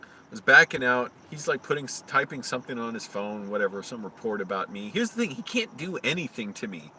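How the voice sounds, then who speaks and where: Rambling male live-streamer outdoors, bright voice. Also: very animated, fairly quick, slight background noise. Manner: rambling anecdotes, restarts, rises high when retelling arguments. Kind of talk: casual live-stream storytelling.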